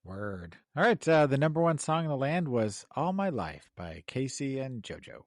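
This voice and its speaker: A man co-hosting a casual podcast, jokey and animated, breaking into silly bits. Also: medium pitch, normal speed, no echo, clean studio sound. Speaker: podcast co-host. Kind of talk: casual chat.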